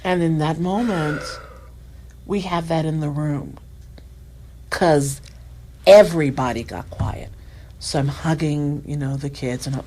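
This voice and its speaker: Soft-spoken low-voiced woman guest. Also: unhurried, pauses often, slight background noise, poor audio. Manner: soft-spoken, drops to near-whispers at tender moments. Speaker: podcast guest. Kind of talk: emotional personal storytelling.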